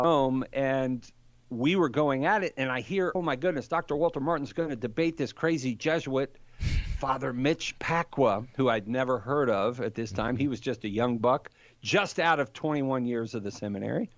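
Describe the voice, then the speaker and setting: A man's voice: mid-range voice, moderate pace, no room sound, highs cut off. An older man explaining Catholic teaching in a conversational podcast, telling stories with animation and acting out the people he quotes. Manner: animated storyteller, acts out quoted debaters. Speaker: Catholic apologist guest.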